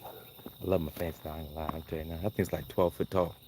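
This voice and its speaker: Deep-voiced man rambling at night. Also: fairly even intonation, rapid-fire, background noise. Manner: rambling, talks to himself. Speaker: dog breeder. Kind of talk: casual live vlog. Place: outdoor kennel yard at night. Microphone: handheld phone camera. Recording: loud crickets and insects at night. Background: crickets and night insects.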